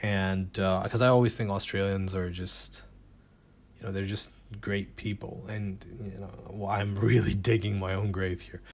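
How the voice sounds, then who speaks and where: Low-voiced man doing rambling stand-up. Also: flat delivery, moderate pace. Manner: rambling, self-deprecating, with restarts; reads jokes from a notebook. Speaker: stand-up comedian. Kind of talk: stand-up comedy set.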